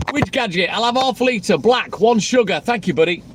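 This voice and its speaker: A man's voice: high voice, expressive, measured pace, noisy background. A cheery middle-aged English man chatting casually with livestream viewers while out on his round, joking, laughing and answering comments by name. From England. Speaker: livestreaming milkman. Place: outdoors on a night delivery round by a seafront.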